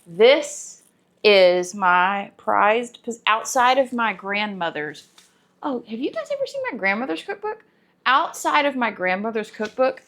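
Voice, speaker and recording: A woman, chatting to camera as a home cooking vlogger, talkative and sentimental, her voice going soft when she is moved. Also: medium pitch. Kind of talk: casual talk to camera.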